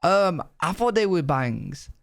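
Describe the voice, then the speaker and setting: Brief: British guy reacting casually and hesitantly, higher voice, smooth and dry close sound. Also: big pitch swings, slow, dry recording. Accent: British English. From Britain. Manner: thinking aloud, hesitant asides. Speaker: reaction video host.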